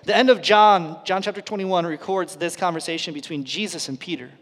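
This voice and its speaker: A male pastor preaching a sermon in an earnest, conversational way, his loudness rising and falling sharply. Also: sits high, fairly quick. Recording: long reverb of a large hall.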